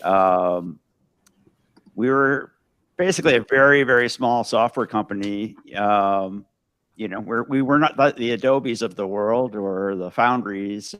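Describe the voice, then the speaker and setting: A man on a video call reminiscing casually, relaxed and filler-heavy. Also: lowish voice, no echo. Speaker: guest.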